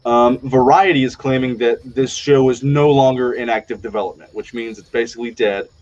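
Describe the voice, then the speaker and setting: A man's voice: mid-range voice, steady tone, a little mellow, dull audio. Blunt, profane man hosting a chat. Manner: blunt, profane, fast opinionated riffing. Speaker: podcast host. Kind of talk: casual live panel chat.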